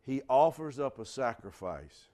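A man preaching a sermon in a folksy, animated way, with sudden loud bursts. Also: medium pitch, measured pace. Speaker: pastor.

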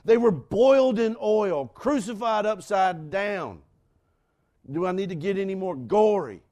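Older male pastor, high-pitched and lively, slow deliberate sermon delivery with emphatic repetition. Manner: dramatic shifts from shouting to hushed whispers, with laughs; preaching slowly with emphatic repetition.

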